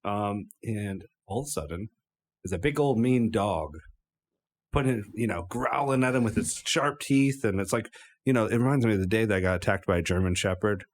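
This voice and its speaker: A man's voice: fairly low pitch, moderate pace, a little hiss or hum. A man, co-hosting a podcast and retelling a folk tale in a laid-back, joking way. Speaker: podcast co-host. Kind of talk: casual storytelling chat.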